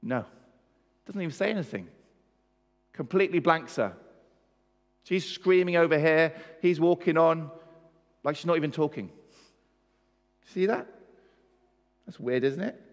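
A man's voice: a little high, animated, measured pace, pauses often. A man preaching a sermon, emphatic, asking his listeners questions. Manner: emphatic, asks the audience questions. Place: church hall. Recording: long reverb in church hall.

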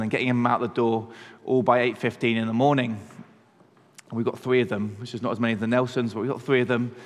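Male pastor, mid-pitched, conversational sermon with slowed emphasis, long reverb tail.

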